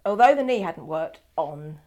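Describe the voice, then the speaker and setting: A woman's voice: sits low, animated, normal speed, a little mellow. An older woman telling her life story in an oral history interview, wry and digressive, often correcting herself mid-sentence.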